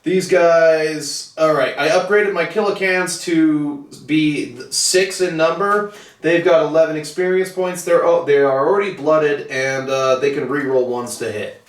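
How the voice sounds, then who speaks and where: A man's voice: fairly high pitch, steady tone, a little slow. A man host ranting bluntly and profanely in a casual monologue about his tabletop hobby, in his basement hobby room. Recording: echoey room, far from the mic.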